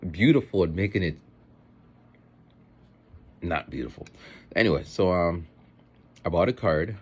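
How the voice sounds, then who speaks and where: Deep husky guy rambling casually on his vlog, voice swings up and down a ton. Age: adult with children. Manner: rambling, animated, mimics other people's voices in quotes. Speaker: vlogger. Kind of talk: casual eating vlog monologue. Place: home, eating a meal.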